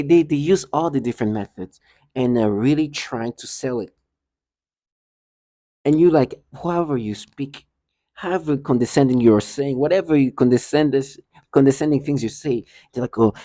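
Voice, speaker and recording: A man's voice: mid-range voice, moderate pace, warm tone, no echo, clean studio sound. A man ranting indignantly to the camera in a monologue, repeating himself and stumbling over restarts. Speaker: vlogger. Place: indoor building hallway.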